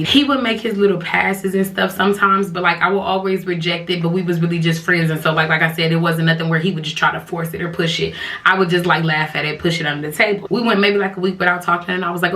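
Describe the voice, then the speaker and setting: A woman's voice: fairly low pitch, fairly even intonation, fairly quick, pushed and bright, distant mic. A woman casually telling a personal story to her viewers, chatty and full of slang, often turning to them directly. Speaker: storytime vlogger.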